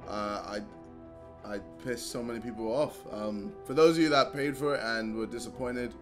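A man's voice: mid-range voice, moderate pace, soft background music. A young man, talking casually in a reaction vlog, self-mocking and laughing and swearing a lot. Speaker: YouTuber.

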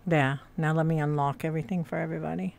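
A woman's voice: sits low, fairly even intonation, fast talker, creaky. A woman live-streaming from a VR headset, talking casually to her chat, muttering and swearing under her breath as she fiddles with settings. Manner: bright and greeting toward chat.

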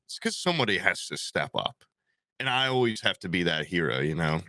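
A man's voice: fairly low pitch, big pitch swings, fairly quick, pushed and bright, no echo. A young man co-hosting a comedy podcast, telling a crude, rambling story in casual chat. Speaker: podcast co-host.

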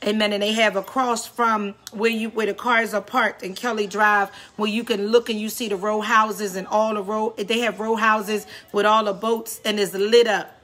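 A woman's voice: medium pitch, little pitch movement, normal speed, few pauses, fairly bright tone. A woman pastor preaching a sermon, urging her listeners on with repeated call-and-response cries. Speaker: pastor and prophetess. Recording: faint music behind.

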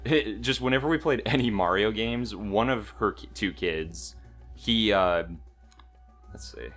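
Young male let's-play co-host, low but bright voice, rambly storyteller. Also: a little slow, faint music behind. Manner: rambling, storytelling, easily sidetracked. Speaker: gaming channel co-host. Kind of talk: casual let's-play banter.

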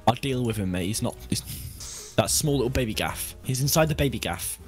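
A man's voice: mid-range voice, animated, moderate pace, soft background music. A young man gaming with a friend, teasing him with laughing banter in casual chat. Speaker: gaming co-player.

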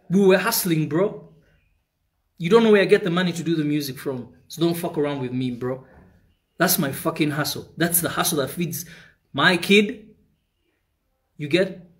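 A man from Uganda with a Ugandan accent, a musician in a heated, profane rant, switching between English and Luganda. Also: a little high. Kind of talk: angry direct-to-camera rant.

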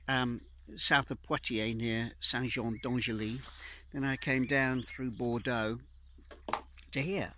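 A man in his sixties tells his travel tales in a jolly, chatty way, full of playful asides and gentle jokes at his own expense. He talks like someone sharing holiday snaps with friends, in a medium-pitched voice. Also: slight background noise. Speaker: speaker presenting his cycling pilgrimage. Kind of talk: casual storytelling talk with travel video clips.

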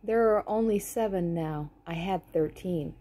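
A woman's voice: fairly low pitch, a little slow, warm tone. A woman voicing a fierce, protective mother turkey hen in a storybook read-aloud, speaking in a stern, bossy way. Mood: sad.

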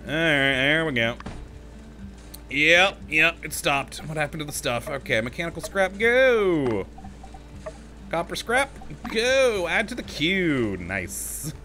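Casting note: male let's-play host, bright, forceful voice, chatty and frustrated with the game, faint music underneath. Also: fairly high pitch. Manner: talks to himself, easily exasperated, laughs often. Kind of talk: casual gameplay commentary.

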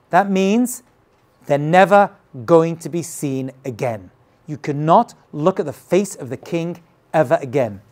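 Animated man teaching a scripture lesson. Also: fairly high pitch. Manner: dramatic, casual, retells scenes with acted quotes. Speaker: rabbi teaching.

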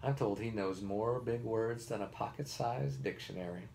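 A man's voice: on the low side, moderate pace, gravelly, a little mellow, slight background noise. A man voicing a smug, pompous male master of ceremonies, announcing to a crowd like a showman.

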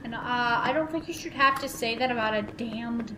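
A woman's voice: a little high, normal speed, hardly any pauses, fairly bright tone, a little hiss or hum. A woman commentating a horror game she is playing, swearing and frustrated, with sudden shrieks. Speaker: let's play gamer.

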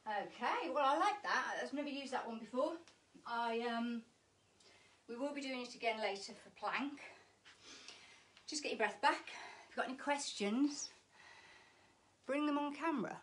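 A woman's voice: high voice, normal speed, pauses often, fairly bright tone, distant mic. A woman teaching a live online fitness class, chatty and encouraging, joking as she works out and slightly out of breath. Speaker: pilates instructor.

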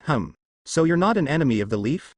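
A man playing a weary male village leader who asks measured, cautious questions, with a lively pitch. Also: dry recording. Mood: cautious questioning.

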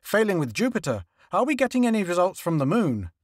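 A man's voice: high-pitched, sing-song, a little fast, dry recording, clean studio sound, voice pushed up. A man voicing an imperious, wealthy male newspaper magnate who fires off demanding, impatient questions. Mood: brisk, demanding.

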